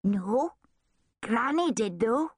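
A woman's voice: a little high, expressive, takes it slowly, breathy edge, dry recording, clean studio sound, pitched above the performer's own voice, heavily acted. A woman reading aloud, voicing a bold, blunt little boy in a storybook. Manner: blunt, matter-of-fact.

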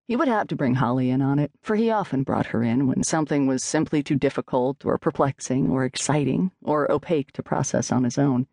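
An audiobook narrator giving a measured, expressive literary reading on a studio microphone. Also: medium pitch, vocal fry, no room sound.

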